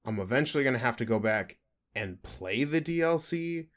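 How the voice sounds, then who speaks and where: Male podcast co-host, lively up-and-down pitch, joking and casual, swears freely. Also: moderate pace. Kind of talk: casual chat.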